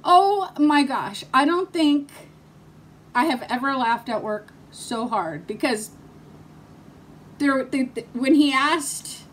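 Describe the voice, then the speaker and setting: A woman vlogger with a fairly high voice chats casually to her viewers. She tells stories in a chatty way and often breaks into laughter. A faint hiss sits under her voice. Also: lively intonation, slow pace. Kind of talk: casual chat vlog with storytelling.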